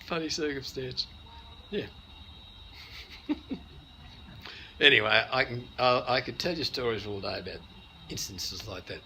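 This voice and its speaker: An older Australian man in an interview, telling stories in a relaxed, anecdotal way. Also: mid-range voice, a little slow, gravelly, pauses often, slight background noise, low-quality recording. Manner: anecdotal, many restarts and chuckles. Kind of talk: casual storytelling.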